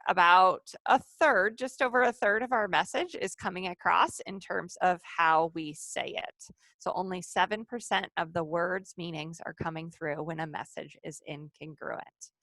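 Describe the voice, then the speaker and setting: A woman's voice: fairly low pitch, fairly bright tone, no echo. A woman leading a live online training session over a video call, upbeat and coaxing the participants.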